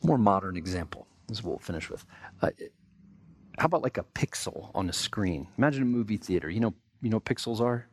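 A man's voice: lowish voice, lively intonation, fast talker, no room sound. An American man preaching a sermon in a conversational way, acting out everyday people's remarks in quotes. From United States. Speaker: pastor.

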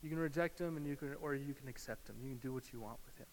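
Animated male pastor in a reverberant hall. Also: medium pitch, very fast. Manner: animated, swings from loud emphasis to hushed guided imagery. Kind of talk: sermon. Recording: hall reverb with faint hiss.

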